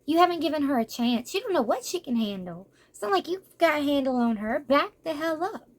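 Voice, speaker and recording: A young woman giving a casual, animated manga review, exasperated and slangy. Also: high-pitched, brisk. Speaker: book reviewer.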